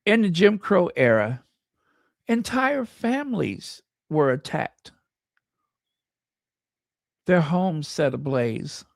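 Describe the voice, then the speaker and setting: Slow, gravelly, impassioned American host. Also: medium pitch, sing-song, no echo, clean studio sound. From United States. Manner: impassioned and emphatic, reads viewer comments aloud. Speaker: channel host. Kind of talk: livestream commentary.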